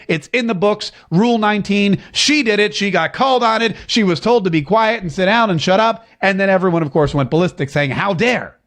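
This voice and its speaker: A man's voice: sits high, fairly bright tone. A man hosting a call-in political talk show, rambling and sarcastic, with many fillers and restarts.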